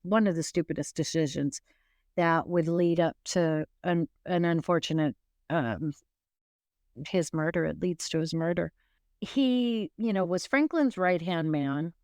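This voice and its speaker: A woman's voice: on the low side, darkish tone, clean tone, no room sound, studio quality. A woman hosting a true crime podcast, retelling a case in casual, rambling storytelling with wry asides and frequent restarts.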